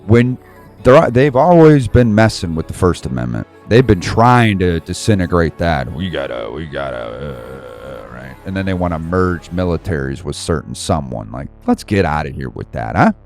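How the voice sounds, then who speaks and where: A man's voice: low voice, sing-song, normal speed, a little mellow, faint music behind. A man hosting an online Bible study, ranting heatedly and rambling in slang, laughing to himself between points. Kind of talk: casual ranting commentary.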